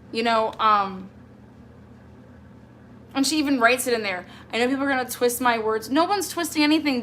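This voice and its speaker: Exasperated woman livestreaming, a little high, faint hiss behind. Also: bright, forceful tone. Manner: exasperated, confrontational, addresses absent person directly. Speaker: livestream host. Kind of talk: ranting livestream monologue.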